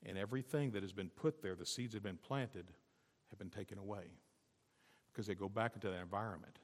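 A man preaching a sermon as a pastor, talking emphatically and building to loud, high exhortation. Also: vocal fry, long reverb tail. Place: church sanctuary.

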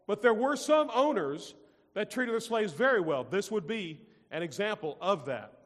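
High-voiced preacher man, hall reverb. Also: animated, normal speed, fairly bright tone. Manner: emphatic, repeats phrases, asks the congregation questions. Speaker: pastor. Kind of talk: sermon.

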